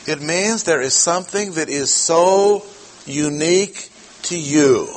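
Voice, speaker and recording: A man preaching a Bible teaching sermon, speaking deliberately and emphatically, slowing down to stress key words and putting questions to his listeners. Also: on the high side, slight background noise, poor audio. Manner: asks the audience questions.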